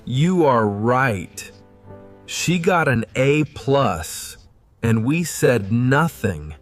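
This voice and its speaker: A man voicing a lively storybook dad. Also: medium pitch, extremely slow, faint music behind. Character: warm, cheerful father of two kids. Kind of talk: slow storybook reading.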